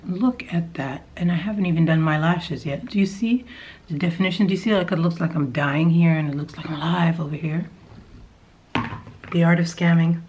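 A woman's voice: fairly low pitch, a little fast, darkish tone, lo-fi sound, a little hiss or hum. A young woman hosting a joking makeup tutorial vlog, playful and often dropping into whispered asides, now and then slipping into a mock accent. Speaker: beauty vlogger.

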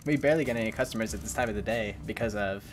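A man's voice: fairly low pitch, racing, soft background music, voice pushed down, lightly acted. A man doing a ditzy valley-girl clerk. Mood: airheaded. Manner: valley-girl drawl, filler "like". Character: ditzy bored young female store clerk.

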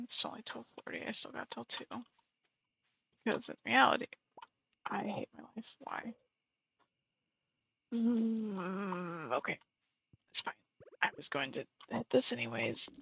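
A woman streams a game in a mid-range voice that is creaky, husky, bright and forceful, with no room sound. She chats casually, mutters to herself and sometimes drops to a whisper. The lo-fi stream audio is slightly muffled, with faint game music behind her.

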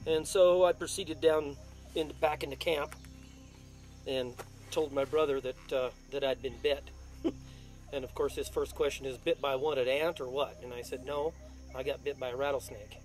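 A man's voice: mid-range voice, steady tone, moderate pace, a little mellow, soft background music. A man casually telling the story of his rattlesnake bite in an interview, rambling with many fillers. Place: outdoors in the desert.

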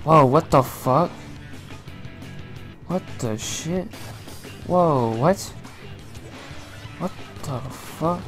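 Young guy reacting live, loud gasps and swears, slow drawl, faint music underneath; excitable streamer. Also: on the high side. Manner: excitable, gasping, swearing, shouting in surprise.

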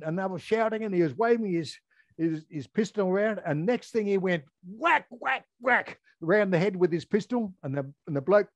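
An older Australian man, a former air force firefighter, telling a story in an interview, halting with many ums and restarts. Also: high voice, a little mellow, no room sound, lo-fi sound.

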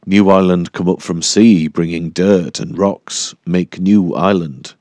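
A man voicing an adult island man who speaks slow, halting, broken English in an audiobook. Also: sits low, warm tone, dry recording. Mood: earnest.

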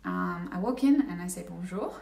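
A woman's voice: on the low side, lively intonation, normal speed, gravelly, darkish tone, far from the mic. A young woman vlogging casually to camera, rambling a little with fillers and restarts as she talks through an experience. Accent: Australian. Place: indoor room at home. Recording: echoey room, slightly off-mic.

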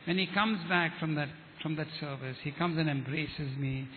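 A man's voice: fairly high pitch, normal speed, slight background noise. A man giving a testimony sermon as an evangelist, telling stories with quoted dialogue and repeating his words. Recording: tinny phone-like sound with hall reverb.

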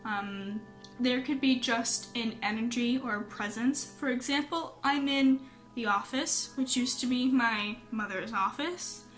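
A young woman speaks slowly and haltingly to camera from her home office, filling pauses with ums. She sounds close to tears and keeps apologizing. Her voice sits a little high, with faint music playing underneath. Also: a bit bright. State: holding back tears. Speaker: vlogger. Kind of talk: casual talk to camera.

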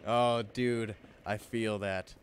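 A young man streaming a game, chatting with viewers in a relaxed, joking way and breaking into loud yelps and laughs. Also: on the low side, takes it slowly, slight background noise. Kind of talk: gameplay commentary.

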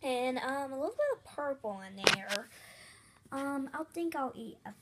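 A woman's voice: sits high, lively intonation, normal speed. A woman narrating a casual toy role-play, chatty and rambling with many fillers. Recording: noisy home recording with clicks.

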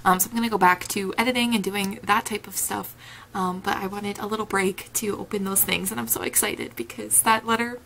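A woman's voice: mid-range voice, steady tone, fairly quick, gravelly, a bit bright, a little hiss or hum. A young woman chatting casually in a reading vlog from home, giggly and gushing, on a camera mic. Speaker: book vlogger.

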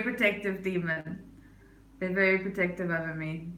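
Bright playful woman livestreaming in an echoey room. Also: mid-range voice, steady tone, unhurried. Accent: non-American. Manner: playful, teasing, laughs often. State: has a headache. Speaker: livestreamer reading chat. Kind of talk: casual livestream chat.

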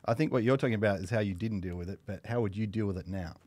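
Low, dry-voiced deadpan man. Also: racing, no echo. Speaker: panel guest. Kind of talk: casual panel chat.

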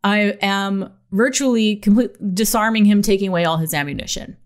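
A woman co-hosting a podcast in casual chat, telling stories in an animated way with laughs. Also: mid-range voice, fairly quick. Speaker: podcast co-host.

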